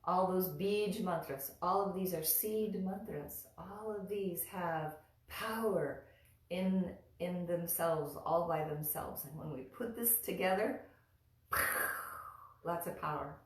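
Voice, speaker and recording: A woman teaching mantra pronunciation slowly and patiently, chanting and repeating each sound for the listener to copy. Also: fairly low pitch, roomy sound. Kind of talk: slow, patient instruction with chanting.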